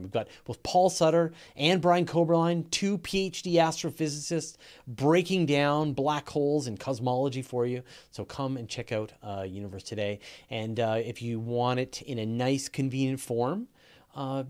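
A man's voice: mid-range voice, darkish tone. A man with a Canadian accent hosting a live question show, talking enthusiastically with many fillers and restarts. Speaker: podcast host.

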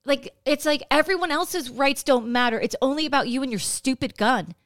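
Smooth-voiced indignant woman co-host. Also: high-pitched, moderate pace, a bit bright, no echo, clean studio sound. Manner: indignant, conversational. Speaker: podcast co-host. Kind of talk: casual political chat.

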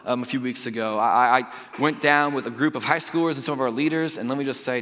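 A male pastor preaching a sermon in a church auditorium, talking in a lively, conversational way and swinging from loud to hushed. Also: mid-range voice. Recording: long reverb of a large hall.

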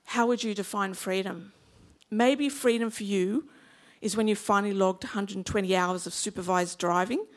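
A woman's voice: medium pitch, moderate pace. A woman in her fifties with an Australian accent, preaching a sermon in a chatty, humorous way and drawing in the congregation. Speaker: pastor.

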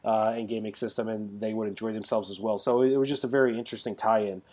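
A man's voice: fairly low pitch, fairly even intonation, fast talker, dark tone. A man co-hosting a podcast in casual chat, rambling along with many fillers and restarts. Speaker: podcast co-host.

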